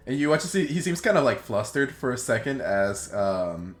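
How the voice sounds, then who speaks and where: A man's voice: mid-range voice, sing-song, normal speed, few pauses. A man narrating as game master of a tabletop game, rambling with many fillers and restarts.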